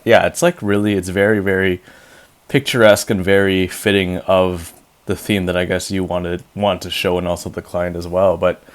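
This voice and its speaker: Male host, very low voice, loose and chatty, filler-heavy. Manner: rambling, filler-heavy, upbeat. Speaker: podcast host. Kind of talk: casual interview chat.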